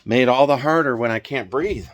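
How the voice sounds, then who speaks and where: A man's voice: mid-range voice, normal speed, dry recording. A man vlogging outdoors while fixing a trailer tire, rambling in a folksy way and short of breath. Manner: rambling, folksy, chuckling asides. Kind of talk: casual outdoor DIY vlog. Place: outdoors on rural land.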